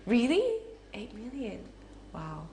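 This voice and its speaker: Slow and expressive, a young Japanese-accented actress answers interview questions in a medium-pitched voice, with crowd noise around her. Her replies are chatty and casual, full of fillers and giggles. The room sounds echoey, with faint noise.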